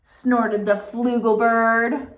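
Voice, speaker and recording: A woman's voice: a little high, little pitch movement, very slow. A woman reading a picture book aloud to children, playful and breaking off for asides to her young listeners.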